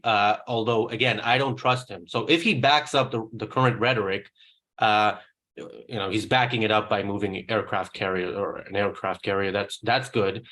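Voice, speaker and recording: A man hosting a political talk show, speaking in a measured and hesitant way with frequent fillers. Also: lowish voice, fairly bright tone. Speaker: host. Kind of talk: political discussion.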